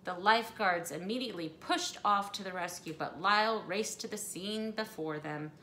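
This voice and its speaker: A woman reading a children's storybook aloud with expressive, animated delivery and playful asides. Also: medium pitch, normal speed, a little hiss or hum. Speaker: storybook reader. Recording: echoey room, faint ambience.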